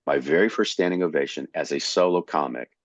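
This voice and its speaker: A man in his sixties from Florida, a comedian guest telling animated stories in casual conversation. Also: very deep voice, a little fast, no room sound. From Tampa, Florida. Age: 60s. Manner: animated storyteller. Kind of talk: casual storytelling. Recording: dull, slightly lo-fi dry recording.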